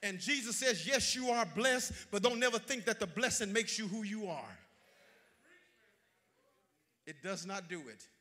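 Fiery high-voiced preacher. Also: male voice, animated, a little slow, pauses often. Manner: emphatic preaching, swinging from shouts down to near-whispers; repeats phrases for emphasis, half-sings lines. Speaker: pastor. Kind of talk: sermon. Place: church sanctuary.

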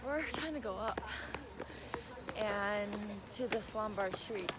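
A young woman vlogging on city streets, chatty and excitable, often breaking into laughter. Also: medium pitch, slow. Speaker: travel vlogger. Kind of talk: casual vlog narration to camera. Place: outdoors on busy city streets. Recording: loud street noise outdoors.

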